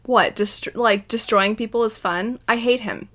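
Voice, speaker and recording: A woman's voice: a little high, unhurried, a bit bright. A young woman hosting an anime reaction, talking casually and emotionally, rambling and acting out lines from the scenes. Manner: emotional, rambling, quotes scenes in little voices.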